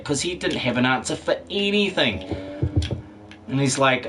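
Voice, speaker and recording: A man's voice: mid-range voice, very animated, moderate pace, a bit bright, slight background noise. Rambling, joking male game streamer. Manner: rambling, jokey, swears and laughs often. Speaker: game streamer reading chat. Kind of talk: casual live-stream chat.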